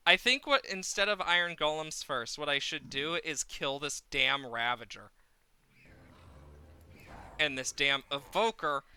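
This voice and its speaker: Bright, slow-talking man streaming a game. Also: a little high, clean tone. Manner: exasperated, swearing at the game, counting under his breath. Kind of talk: live gameplay commentary.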